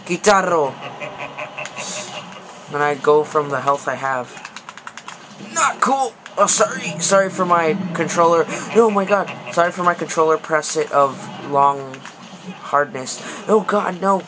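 A young man giving excitable, panicky commentary over a fighting game, pleading and yelling at it. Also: a little high, a little slow, crowd noise. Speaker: gaming video host. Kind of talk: gameplay commentary. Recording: noisy background.

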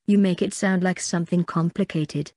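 A woman's voice: on the low side, steady tone, normal speed, a little mellow, no room sound, clean studio sound. A woman reading the lines of a cheeky younger sister who speaks bluntly and mocks her brother. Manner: blunt, mocking.

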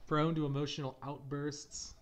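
A man's voice: on the high side, little pitch movement, moderate pace, lightly acted. A man reading a smug, condescending male scientist who analyzes someone like a test subject.

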